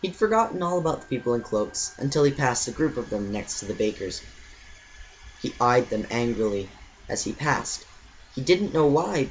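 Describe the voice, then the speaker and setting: A man reading a children's novel aloud in an expressive, amateur style, occasionally stumbling and correcting himself. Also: medium pitch. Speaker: audiobook reader. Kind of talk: storybook reading. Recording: muffled lo-fi with faint hiss.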